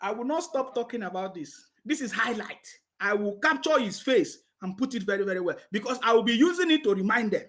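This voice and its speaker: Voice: mid-range voice, animated, a little fast, hardly any pauses, a bit bright. A commentator with a Nigerian accent, mocking his targets and laughing often as he talks. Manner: taunting, laughs often, repeats "you understand me". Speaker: political commentator.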